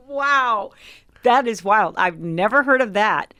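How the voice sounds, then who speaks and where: A woman's voice: on the high side, animated, takes it slowly, pushed and bright, no echo. A woman co-hosting a casual chat, reacting to the stories and laughing easily.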